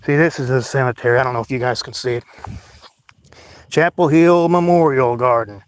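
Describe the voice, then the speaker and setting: A man's voice: mid-range voice, brisk, smooth. A man from Oklahoma rambling and swearing to his viewers as he walks through a cemetery at night, talking into a handheld phone. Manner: profane, rambling, self-deprecating, talks to viewers. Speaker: livestream vlogger. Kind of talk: rambling late-night livestream walk.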